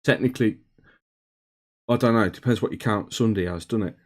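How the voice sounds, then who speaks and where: A man's voice: fairly low pitch, a little fast. A man chatting casually on a live hobby stream, greeting viewers by name, calling them mate and swearing now and then. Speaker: streamer reading chat. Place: home hobby room.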